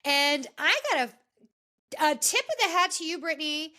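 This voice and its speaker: A woman's voice: sits high, animated, measured pace, bright, forceful tone. A woman hosting a podcast, giving an emphatic, indignant recap in casual chat and calling people out directly. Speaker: podcast host.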